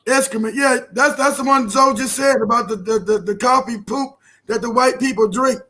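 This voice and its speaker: A man hosting a casual podcast chat, joking loudly and slipping into shouted scolding voices. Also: extremely high pitch, normal speed. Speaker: host.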